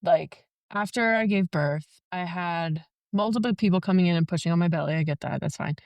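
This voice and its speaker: A woman's voice: lowish voice, brisk, no echo, highs cut off. A young woman telling her story as a podcast guest in casual chat, full of "like" fillers. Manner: chatty, many "like" fillers.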